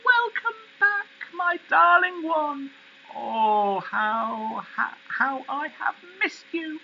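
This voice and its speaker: A man's voice: animated, slow, creaky, lo-fi sound, a little hiss or hum, full character voice. Man putting on a cooing, doting old lady. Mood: overjoyed. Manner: high sing-song cooing. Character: doting older woman cooing over her pet tortoise.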